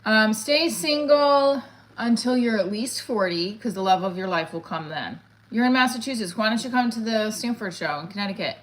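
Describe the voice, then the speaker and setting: A woman's voice: on the high side, moderate pace. A middle-aged woman, a comedian, chatting casually on a livestream, rambling and reading viewer comments aloud.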